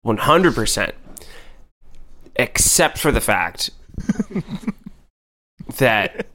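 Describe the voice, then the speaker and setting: A man's voice: mid-range voice, big pitch swings, very slow, bright, forceful tone. A man in his thirties co-hosting a podcast, rambling and joking with lots of fillers. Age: 30s. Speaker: podcast co-host. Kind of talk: casual chat.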